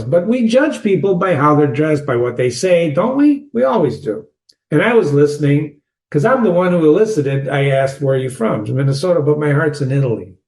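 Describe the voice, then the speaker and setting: A man hosting a literature channel, casually analyzing a short story with digressive anecdotes, wry asides and quick laughs. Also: a little high, darkish tone. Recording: echoey room.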